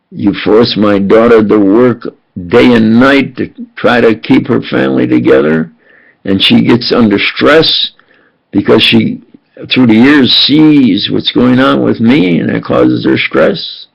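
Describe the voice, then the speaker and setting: A man in his eighties in a rambling, aggrieved monologue, halting and repeating himself. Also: medium pitch, gravelly, slightly rough, lo-fi sound. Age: 80s. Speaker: self-published speaker.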